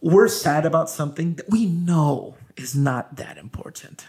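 A man hosts a relaxed podcast chat with his wife. His voice has a gravelly edge, and he talks in a loose, lively way with frequent laughs and fillers. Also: a little high, measured pace, few pauses. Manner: animated, laughing, loaded with fillers. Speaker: podcast host.

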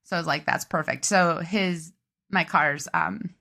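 A woman's voice: lowish voice, fairly even intonation, a little slow, vocal fry, bright, forceful tone. A young woman co-hosting a podcast, chatting in an easygoing, upbeat way. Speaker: podcast co-host. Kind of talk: casual chat.

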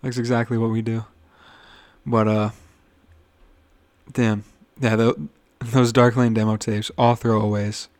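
A man's voice: lowish voice, level tone, unhurried, long pauses, a little mellow. A young man hosting his own podcast in a loose, rambling way. He swears freely, stumbles over his words and restarts, and sounds a bit nervous. The sound is dry and close, with no room echo. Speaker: podcast host. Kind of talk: casual solo podcast rant.

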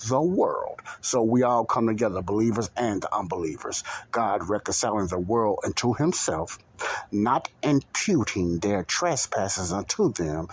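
Husky low-voiced man teaching scripture. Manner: repetitive, emphatic, rhetorical questions to listener. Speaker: podcast preacher. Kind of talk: bible teaching talk.

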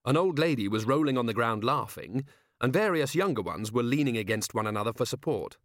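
A man narrating a comic novel with a wry, measured delivery, at a middling pitch. The recording is close and dry. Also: lively intonation, fairly bright tone, no echo. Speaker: audiobook narrator. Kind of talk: scripted narration.

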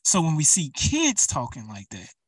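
A man's voice: fairly high pitch, wildly swooping pitch, moderate pace, slightly rough, dry recording, far from the mic. A man preaching an urgent, emphatic sermon, speaking straight to his listeners.

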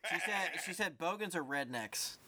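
A man co-hosting a podcast, telling profane childhood stories in casual, animated chat. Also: high-pitched, moderate pace, slight background noise. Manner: animated storyteller, swears, laughs along. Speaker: podcast co-host.

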